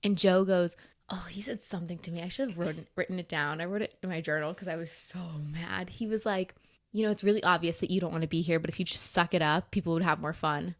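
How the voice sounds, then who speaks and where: A young woman co-hosting a podcast, telling a story in an animated, exasperated rush, full of "like"s. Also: lowish voice. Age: young adult. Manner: animated, rushed, exasperated retelling with many "like"s. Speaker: podcast co-host. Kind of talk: casual storytelling.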